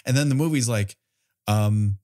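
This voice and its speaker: A man's voice: medium pitch, normal speed, a little mellow. A man co-hosting a casual film podcast, wry and sarcastic, swearing casually as he riffs. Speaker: podcast co-host. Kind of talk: casual film-review chat.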